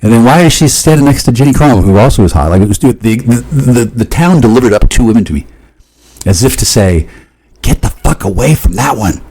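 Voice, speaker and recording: A man in a rambling, profane monologue, often restarting and jumping suddenly up in pitch. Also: expressive, fast, warm tone, low-quality recording.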